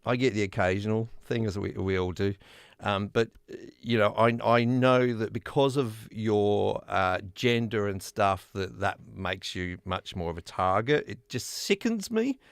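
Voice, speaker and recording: A man's voice: fairly low pitch, steady tone, measured pace, gravelly, smooth, no echo, clean studio sound. A man hosting a casual live-stream chat, rambling and joking, swearing freely, talking over a video call. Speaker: host.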